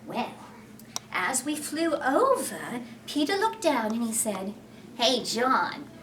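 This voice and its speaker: In a roomy hall, captured from afar, a woman delivers an animated, playful one-woman storytelling act in character, speaking straight to the audience. Her pitch is fairly high and she takes her time. A little hiss or hum can be heard.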